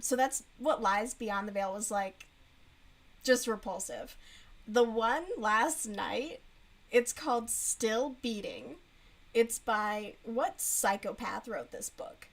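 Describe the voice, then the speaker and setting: A woman's voice: a little high, a bit bright. A woman streamer in casual chat while crocheting, bluntly and mockingly reviewing books. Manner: blunt, frank, mocking book review with laughs.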